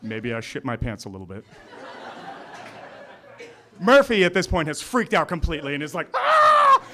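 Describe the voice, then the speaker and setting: A man's voice: fairly high pitch, normal speed. A man telling a funny true story at a live storytelling night in a restaurant, acting out the dialogue. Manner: animated, acts out dialogue.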